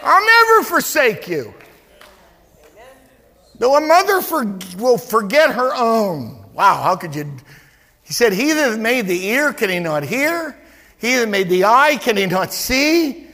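A male pastor preaching a sermon in a church, animated and full of stammered restarts as he acts out quotes. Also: extremely high pitch, a little slow, in a large hall.

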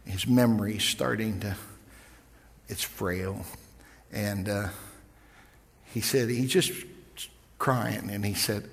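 A middle-aged man preaching, telling a personal story in a halting, emotional way with many repeated words. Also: lowish voice, steady tone, gravelly. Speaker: pastor. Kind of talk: sermon storytelling. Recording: long reverb of a large hall.

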